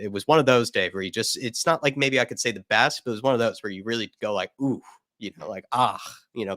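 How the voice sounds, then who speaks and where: Male co-host, lowish voice, dry close sound, rambling and full of fillers. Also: a bit bright, no room sound. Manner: hedging, full of fillers like sort of and kind of. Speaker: co-host panelist. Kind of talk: casual live-stream chat.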